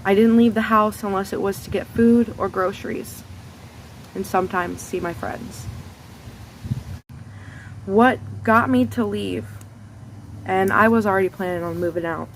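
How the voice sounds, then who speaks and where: A young woman speaks to her viewers in a confessional vlog, telling a painful personal story. Her voice sits at a middle pitch, and her way of talking is candid and raw, with blunt swearing. A faint hiss of background noise stays under her speech. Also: a little slow, creaky, long pauses, low-quality recording. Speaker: vlogger.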